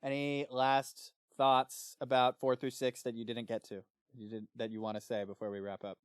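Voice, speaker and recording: A man's voice: medium pitch, normal speed, clean tone, no echo, clean studio sound. A man co-hosting a book club podcast, chatting casually and now and then acting out lines in playful voices. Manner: animated, acts out character lines in jokey voices.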